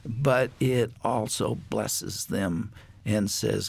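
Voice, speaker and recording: Gravelly older man telling a story. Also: mid-range voice. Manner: reflective, with many pauses and "uh"s. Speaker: guest. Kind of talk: personal storytelling.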